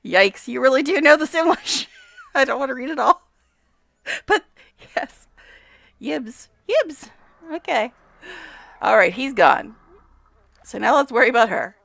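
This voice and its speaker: A woman's voice: high voice, animated, moderate pace, gravelly, pauses often, a bit bright, dry recording. A woman giving casual gameplay commentary, chatty, talking to the game characters, swearing and laughing often. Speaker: gamer vlogger.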